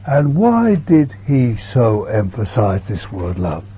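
Slow earnest man preaching, low voice, muffled old tape. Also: wildly swooping pitch, slightly rough. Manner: earnest, repeats words, sometimes drops to a hush. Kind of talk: sermon. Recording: dull lo-fi recording with faint hum.

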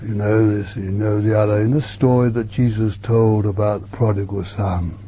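A man preaching a sermon in an earnest way, repeating words and sometimes dropping to a hush, on a dull lo-fi recording with a faint hum. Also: lowish voice, fairly even intonation, moderate pace.

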